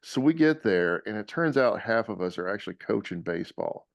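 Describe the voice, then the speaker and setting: A man telling a lively story in casual podcast chat, laughing often. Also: lowish voice, brisk, creaky, dry recording, dull audio. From American South.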